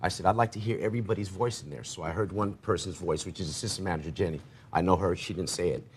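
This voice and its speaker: A man's voice: sits low, fairly even intonation, slight background noise. A man telling his side of a dispute in a televised courtroom, rambling through his account with quoted back-and-forth. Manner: rambling, rapid retelling with quoted dialogue. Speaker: defendant.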